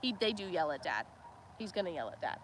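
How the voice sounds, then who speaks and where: A woman's voice: on the low side, very animated, a little fast, slight background noise, poor audio. A woman hosting a casual farm livestream outdoors by a cow pen, chatting, laughing often and cooing at the animals, with her camera on a tripod. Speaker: homestead livestream host.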